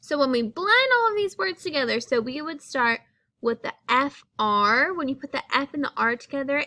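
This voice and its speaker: A woman's voice: sits high, lively intonation, moderate pace, bright, forceful tone. A woman teaching young children a phonics lesson, speaking patiently and sounding out each letter.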